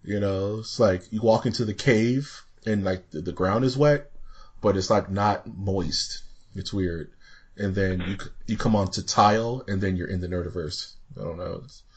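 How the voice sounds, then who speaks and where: Man, podcast host, husky, low voice, playful banter. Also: moderate pace. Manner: playful, jokey, full of movie references. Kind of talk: casual podcast chat.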